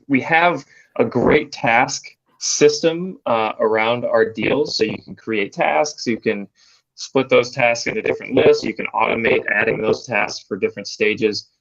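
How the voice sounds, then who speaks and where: Mid-pitched man walking through new features, easygoing, slightly muffled line. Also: moderate pace. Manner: easygoing, explanatory, trailing off quietly. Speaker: product team member. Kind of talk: casual product explanation.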